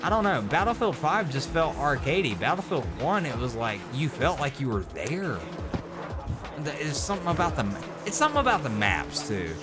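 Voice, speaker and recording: A man's voice: a little high, normal speed. A man with a sore throat and stuffy nose, chatting casually and rambling on a late-night live game stream. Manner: rambling, animated, self-interrupting. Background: game music.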